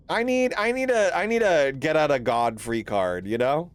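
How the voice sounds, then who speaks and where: A man's voice: fairly high pitch, very animated, brisk, hardly any pauses, no room sound. A young man giving jumpy, profane let's-play commentary on a horror game, laughing and complaining at the game. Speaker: gaming streamer.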